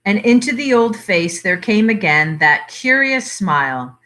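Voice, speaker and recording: A woman reading a short story aloud for a library audience, unhurried and measured. Her bright voice rises and falls with the story. She narrates expressively. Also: mid-range voice, big pitch swings.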